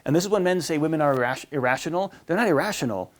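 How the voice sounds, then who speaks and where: Chatty priest with a fairly high voice. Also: male voice, expressive, rapid-fire. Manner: rambling, with many fillers and restarts, acts out quoted voices. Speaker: priest giving a marriage class. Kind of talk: informal teaching talk.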